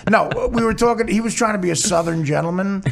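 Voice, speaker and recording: A man's voice: sits high, vocal fry. A man hosting a podcast with casual, teasing comedic chat. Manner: teasing, quick to mock. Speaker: podcast host.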